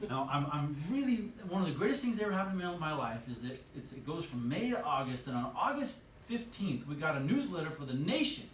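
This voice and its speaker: A lively male sales trainer speaks to a roomful of trainees with a fairly high, bouncing voice that swings up and down. He pitches questions at the audience. The recording sounds roomy and distant, with a faint hiss. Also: quick pace, hardly any pauses. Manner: enthusiastic, animated, asks the audience questions. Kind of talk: live motivational seminar talk. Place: training room with a live audience. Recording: echoey room from far off, light hiss.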